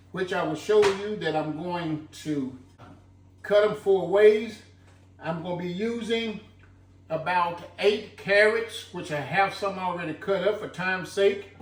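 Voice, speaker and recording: A fairly high-voiced man talks unhurriedly through a homemade stew recipe, peppering his talk with "look." He sounds a little distant from the mic, in an echoey home kitchen with a faint hum behind him. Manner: folksy, chatty, fond of saying "look". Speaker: home cooking channel host. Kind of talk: casual cooking demonstration.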